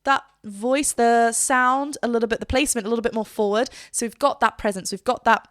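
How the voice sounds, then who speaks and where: A woman vocal coach talks through a song with a bright, clear tone, her voice sitting a little high. She chats in an animated way and now and then sings a quick example line. The sound is dry and close, with faint music behind her. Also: no echo. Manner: chatty and animated, breaks into short sung demonstrations. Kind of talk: reaction video with vocal analysis.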